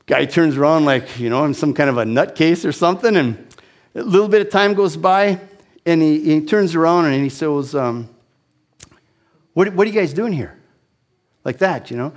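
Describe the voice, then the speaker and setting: A man in his sixties telling a personal testimony as an animated, self-deprecating storyteller with frequent restarts. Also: on the high side, normal speed. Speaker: speaker giving a testimony.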